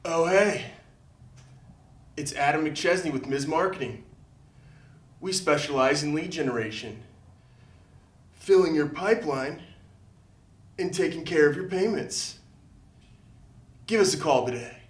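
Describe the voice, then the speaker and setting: A man doing a mock radio ad read in a salesy pitch. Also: unhurried, long pauses, far from the mic. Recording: echoey, noisy room.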